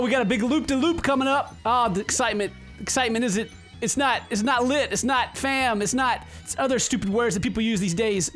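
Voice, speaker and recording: Bright excitable man doing game commentary. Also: extremely high pitch, a little fast, soft background music. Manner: excitable, joking, sarcastic, swears a lot. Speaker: gaming YouTuber. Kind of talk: let's play commentary.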